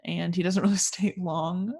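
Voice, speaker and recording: A woman's voice: fairly low pitch, fairly even intonation, moderate pace, creaky, dark tone, breathy edge. A woman chatting casually as she retells a novel's plot, with lots of "like". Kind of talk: casual book-recap chat.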